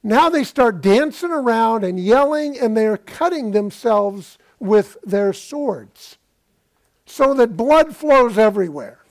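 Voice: mid-range voice, expressive, takes it slowly, a little mellow. Preacher for a sermon: takes their time, retells scripture as a story and keeps asking the congregation questions. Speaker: pastor.

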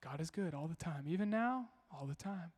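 A man's voice: a little high, lively intonation, normal speed, a little mellow, breathy edge. A male pastor preaching a sermon, telling family stories in a conversational way and asking the congregation rhetorical questions. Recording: long hall reverb.

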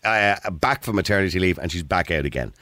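A middle-aged man hosting a radio phone-in, blunt and opinionated, talking over his callers with quick asides. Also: low-pitched, animated, pushed and bright, dry recording, clean studio sound. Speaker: radio talk show host.

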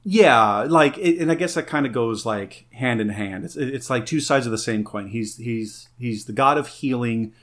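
A man's voice: medium pitch, moderate pace, few pauses, fairly bright tone. A man co-hosting a podcast, casually and playfully explaining things with enthusiasm. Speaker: podcast co-host.

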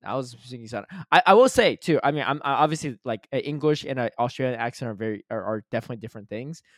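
A man's voice: medium pitch, expressive, fast talker, no room sound, studio quality. An American man co-hosting a podcast in casual chat, curious and full of questions. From United States. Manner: curious, asks lots of questions. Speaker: podcast co-host.

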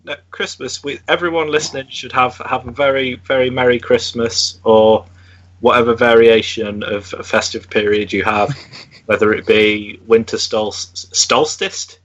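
A man's voice: on the low side, moderate pace, fairly bright tone, lo-fi sound. A man co-hosting a podcast, wry and a bit hesitant in casual banter. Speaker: podcast co-host.

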